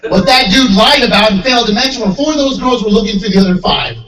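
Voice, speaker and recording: A high-voiced man doing a stand-up set through a handheld mic in an echoey gun store space. He tells stories with lots of energy and bounces into squeaky voices for the people he quotes. The sound is a little distant, with a faint hiss behind him. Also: fast talker, a loud crowd. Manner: animated storyteller, jumps into high voices for quoted characters. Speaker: stand-up comedian. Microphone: handheld microphone.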